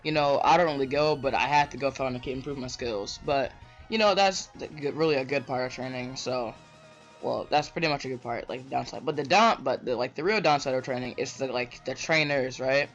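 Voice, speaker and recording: Speaking briskly in a mid-range, fairly bright voice, this male vlogger rambles through a casual rant to camera. He keeps tacking "bro" and "right?" onto his lines, recorded on a dull lo-fi mic with faint music behind him.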